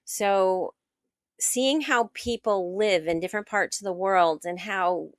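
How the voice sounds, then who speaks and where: An American woman, middle-aged, a guest author and sailor telling her story in a casual interview, animated and acting out what others said. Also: mid-range voice, takes it slowly, dry recording. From United States. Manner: animated, acts out quoted dialogue.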